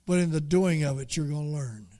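A man preaching a folksy story, halting and repeating words as he goes. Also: on the high side, dark tone. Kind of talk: storytelling sermon.

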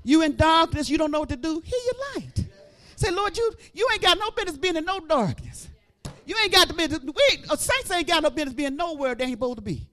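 An older man preaching a fervent church sermon, exhorting the congregation and building up to shouting. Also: very high voice, expressive, fast.

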